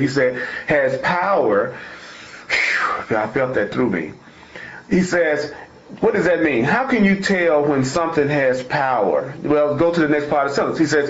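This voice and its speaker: A man gives a spiritual talk, repeating each point with emphasis and slipping into folksy turns of phrase. His voice sits somewhat high for a man. The recording is dull and lo-fi, with a roomy echo around him. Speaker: spiritual teacher. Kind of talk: spiritual talk, reading and explaining a text. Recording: echoey room, dull lo-fi sound.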